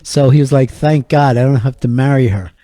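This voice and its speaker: A man's voice: mid-range voice, fairly quick, dark tone, dry recording. A middle-aged man hosting a comedy radio show, blunt, profane and mocking. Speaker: radio host.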